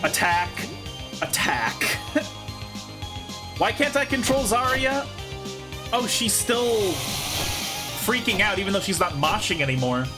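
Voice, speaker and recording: A man streaming a video game, reacting with excited, swearing outbursts of surprise. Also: sits high, a little slow, pauses often, music in the background. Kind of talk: live game commentary.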